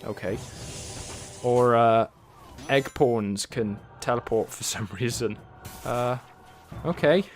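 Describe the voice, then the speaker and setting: A man plays a game on stream, chatting to himself in a slow, mid-range voice with wry, rambling, casual remarks. Game music can be faintly heard behind him.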